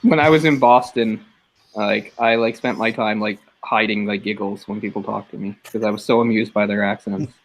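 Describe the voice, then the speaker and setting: A man's voice: lowish voice, fairly even intonation, moderate pace, low-quality recording. Rambling young man, casual commentary. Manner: rambling, laughs between words. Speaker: commentary host. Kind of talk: casual movie commentary chat.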